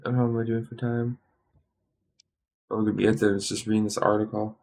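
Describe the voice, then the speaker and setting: A man's voice: on the low side, level tone, darkish tone. Tired man muttering through study notes. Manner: muttering, halting, sounds words out. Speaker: language learner streaming study. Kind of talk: thinking aloud while studying.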